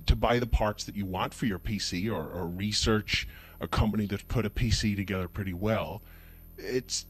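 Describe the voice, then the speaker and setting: A man hosting a puppet comedy vlog, talking in a rambling, chatty way full of hesitant fillers. His voice sits fairly low for a man. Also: normal speed. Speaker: puppet show host. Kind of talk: comic vlog monologue.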